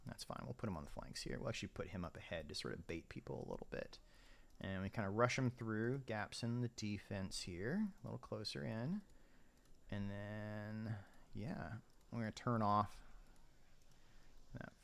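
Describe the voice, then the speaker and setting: Low-voiced man thinking aloud while gaming. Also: normal speed, gravelly, a bit bright. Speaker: game streamer. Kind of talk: casual gameplay commentary.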